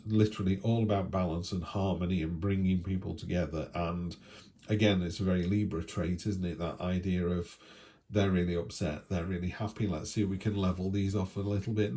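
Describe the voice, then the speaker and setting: A man's voice: low-pitched, warm tone. A man giving a casual weekly tarot reading from home, rambling along in a chatty way and often checking in with tag questions. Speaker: tarot reader.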